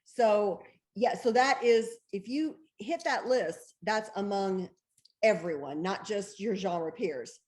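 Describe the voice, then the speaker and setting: A woman author, a guest in an interview, telling a story in an excitable way, laughing often and acting out the dialogue she recalls. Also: mid-range voice, takes it slowly.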